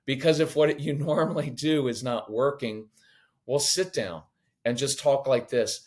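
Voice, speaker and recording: A man on a parenting podcast, talking in a lively, conversational teaching way, acting out quoted voices and joking now and then. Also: mid-range voice, a little slow. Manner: animated, acts out quoted voices, jokes.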